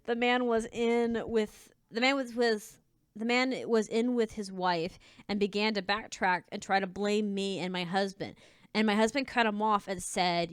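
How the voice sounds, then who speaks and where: A woman's voice: mid-range voice, steady tone, measured pace, clean tone, no room sound. Woman, casual commentator, mid-range voice, sassy and conversational, dry close recording. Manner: sassy, chatty, many restarts and asides. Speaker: commentator reading advice posts. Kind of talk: casual commentary on reader stories.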